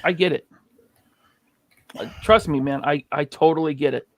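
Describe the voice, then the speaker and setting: A man's voice: on the high side, normal speed, no echo, studio quality. A man co-hosting a podcast, talking earnestly in casual chat with many hesitations. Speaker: podcast co-host.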